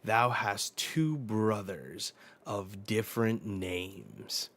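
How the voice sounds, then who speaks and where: A man voicing a menacing ancient ruler who speaks in slow, solemn, old-fashioned diction. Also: on the low side, fairly bright tone, dry recording, full character voice.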